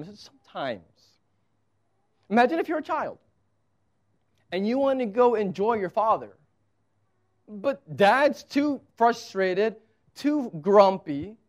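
A man preaching a sermon as pastor, conversational and emphatic, with touches of humor. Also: sits high.

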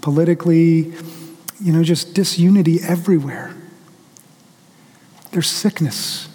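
A middle-aged man delivers a sermon in a fairly high, mellow voice, telling stories and acting out the lines of the people in them. His voice carries with a long reverb, as if heard in a church sanctuary. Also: steady tone, measured pace. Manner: storytelling preacher who acts out quotes. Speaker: pastor.

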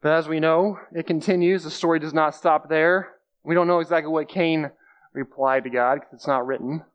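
Guy giving a chatty sermon, voice a bit on the high side, repeats stuff to drive it home. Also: fairly even intonation, normal speed. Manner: explains scripture plainly, repeats phrases, uses everyday examples. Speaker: preacher. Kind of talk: conversational sermon.

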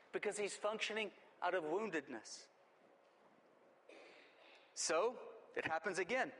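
High-voiced preaching man in a hall. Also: bright, forceful tone. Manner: earnest, conversational preaching with repeated restarts. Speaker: pastor. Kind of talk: sermon.

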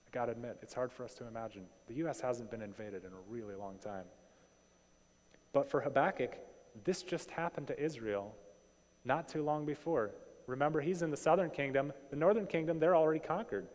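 A man preaching a sermon in a conversational, animated way, often asking rhetorical questions. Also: medium pitch, brisk. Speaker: pastor. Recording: long hall reverb.

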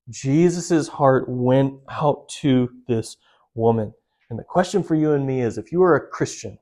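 A man's voice: mid-range voice, a little mellow. Earnest male pastor preaching. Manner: earnest, questions the listeners directly. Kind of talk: sermon.

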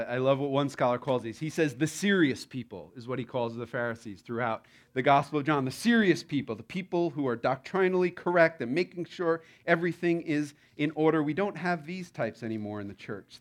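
A man's voice: a little high, fairly quick, few pauses. A man preaching a sermon in a conversational, playful way, often acting out the lines he quotes. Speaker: pastor.

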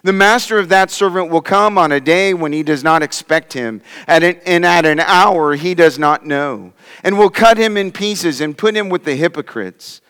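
A man's voice: moderate pace, few pauses, clean tone. A man preaching a sermon, reading scripture and explaining it verse by verse, with dramatic rises and drops in his voice. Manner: dramatic swings in pitch and loudness, voices scoffers mockingly. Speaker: pastor. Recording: long hall reverb.

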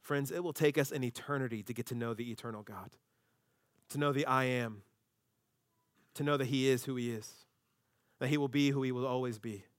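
A man preaching a sermon as a pastor, conversational and humorous, animated and shifting his voice when he acts out quotes. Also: medium pitch, brisk, long pauses, no room sound, studio quality.

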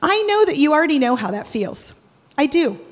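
A woman with a high, light voice preaches a sermon in a church. She is expressive, swinging from bright, loud bursts down to hushed prayer. Her words ring out with a long hall reverb. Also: a little fast. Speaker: church speaker. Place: church sanctuary.

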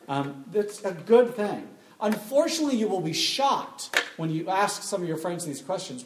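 A man speaking to a live audience, animated and emphatic, firing off rhetorical questions and repeating key points. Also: sits high, normal speed, few pauses, slight background noise. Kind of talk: live talk with call-and-response. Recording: echoey room.

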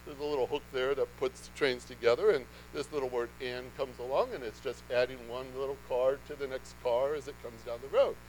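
A man's voice: mid-range voice, fairly quick, hardly any pauses, a little mellow, a little hiss or hum, low-quality recording. A man preaching a sermon in a conversational way that builds to emphatic bursts. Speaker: pastor.

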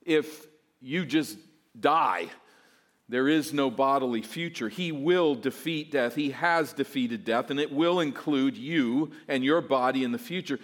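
A pastor preaching an expository sermon, emphatic and voicing imagined objections. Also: male voice, mid-range voice. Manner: emphatic, voices mock objections.

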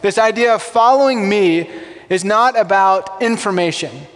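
In a large hall, a male pastor with a high-pitched, fairly bright voice preaches at a normal speed. His sermon is conversational, and he often poses rhetorical questions to the congregation.

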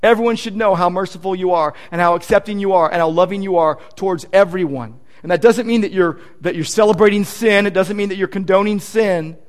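Male pastor, high voice, earnest and emphatic, stressing key points in a sermon. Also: fairly quick, few pauses.

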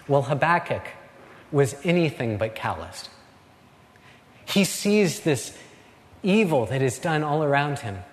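A man preaching a sermon as a pastor, slow and earnest, with dramatic pauses. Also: fairly high pitch, very animated, long reverb tail.

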